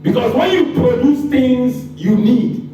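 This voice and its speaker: A man's voice: very high voice, lively intonation, slow, dark tone, a little hiss or hum. Impassioned Ghanaian man in an echoey room. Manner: impassioned, rhetorical questions. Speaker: lecturer. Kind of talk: public lecture. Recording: very echoey room, mic far off.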